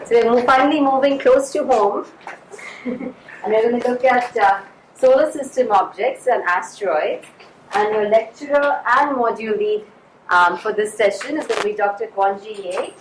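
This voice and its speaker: A woman, out of breath, casually introduces the next speaker. The room echoes around her, with clear background noise and clicks. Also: a little high, normal speed. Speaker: session host. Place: lecture room.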